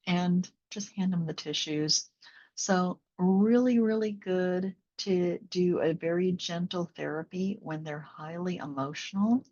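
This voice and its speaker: A slow, low-pitched woman with a gravelly, husky voice talks gently through an interview. Her tone is mellow and relaxed, with plenty of fillers. The audio is slightly dull and lo-fi. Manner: gentle, reflective, with many fillers. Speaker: postpartum doula and bodywork instructor. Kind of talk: conversational interview.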